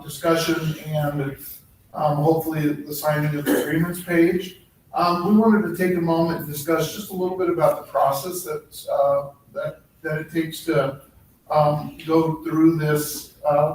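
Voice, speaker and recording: A man presenting at a board meeting, halting with many ums and restarts, his voice a little worn. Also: fairly high pitch, a little mellow. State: slightly losing his voice. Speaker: human resources director. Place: public board meeting room. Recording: echoey room, distant mic, faint noise.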